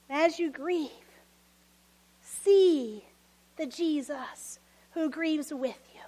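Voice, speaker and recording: A woman preaching a sermon, expressive and laughing often, acting out voices of people from the story. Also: extremely high pitch, a little slow.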